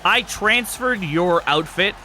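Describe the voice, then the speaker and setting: A man in his thirties hosting a game stream, chatting casually and answering chat in a rambling, self-described monotone. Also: sits high, takes it slowly, faint music behind. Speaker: streamer hosting an e-fed wrestling show.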